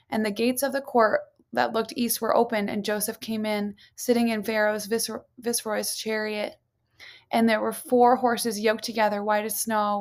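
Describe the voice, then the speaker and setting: Woman reading an old story out loud, pretty flat delivery, trips on a word here and there. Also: mid-range voice. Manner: steady reading, now and then stumbling on words and correcting herself. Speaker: reader. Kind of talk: reading an ancient text aloud.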